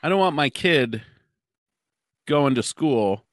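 A man's voice: medium pitch, expressive, slow, dry recording, studio quality. A man co-hosting a podcast in casual chat, talking earnestly and with many fillers. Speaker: podcast co-host.

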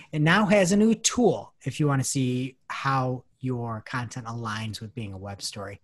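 Man, podcast co-host, casual news chat, joking, animated, mid-pitched voice.

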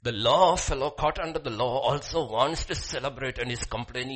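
A man preaching a sermon in a church, swinging between soft asides and loud, animated emphasis. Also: medium pitch, fairly quick, hardly any pauses, husky. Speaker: pastor.

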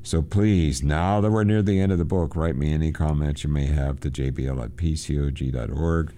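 A man hosting a radio book program, reading passages aloud and explaining them with halting repeats. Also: a bass voice, dark tone. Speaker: radio show host.

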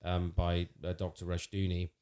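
A man's voice: deep voice, completely flat delivery, moderate pace, mellow. A man in conversation on a faith podcast, speaking earnestly and thoughtfully, with frequent restarts and fillers. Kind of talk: conversational theological discussion.

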